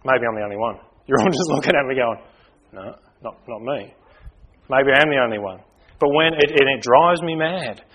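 A male preacher delivers a sermon in an earnest, pastoral voice. His pitch sits in an ordinary middle range. He leans into key words loudly and falls to soft, low asides. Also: fast, rough recording. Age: young adult to middle-aged. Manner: earnest, rises to loud emphasis then drops low.

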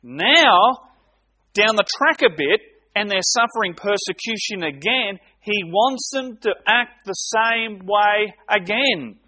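A man preaching an expository sermon, reading scripture aloud with slow, emphatic delivery and dramatic pauses. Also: high-pitched, animated, sharp tone.

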